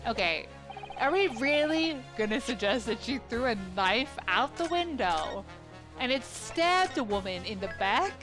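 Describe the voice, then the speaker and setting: A woman's voice: on the high side, expressive, normal speed. A woman playing a game who reads its dialogue aloud and adds chatty, incredulous asides. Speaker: let's play gamer. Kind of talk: casual gameplay commentary and reading aloud. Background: game music.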